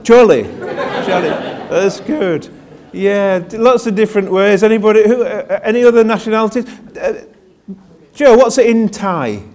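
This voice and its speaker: A man's voice: sits high, normal speed, a little mellow. An older man, a pastor, giving a chatty, self-deprecating Christmas sermon and drawing answers from his congregation. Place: church with live congregation.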